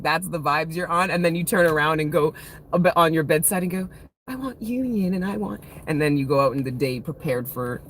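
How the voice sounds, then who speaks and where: In her thirties, this woman gives a casual tarot reading on a live stream, her voice deep with a fairly bright tone and a little hiss or hum underneath. She swears freely, laughs often, and talks with open emotion, coming across as profane and playful.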